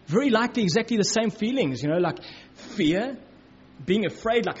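A preacher leads a relaxed Bible teaching in a high, animated voice at a moderate pace, with a breathy quality. He acts out the quotations and fills gaps with "you know, like." The audio is dull and lo-fi.

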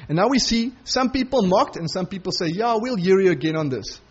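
A man preaching a sermon as pastor, emphatic, his voice climbing higher when he urges his listeners. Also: animated, fairly quick, slightly rough, highs cut off. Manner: emphatic, rising to a higher pitch when urging.

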